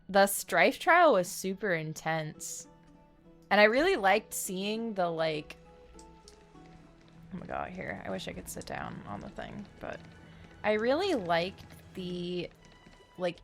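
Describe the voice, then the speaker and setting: Gravelly-voiced woman streaming a game. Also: fairly low pitch, a bit bright. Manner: chatty, reacting on the fly. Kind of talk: casual game stream commentary.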